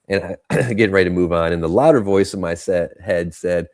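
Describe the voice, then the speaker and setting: A man's voice: deep voice, a little fast, few pauses, a little mellow. A middle-aged man telling a story in a podcast conversation, acting out the dialogue he quotes. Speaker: guest.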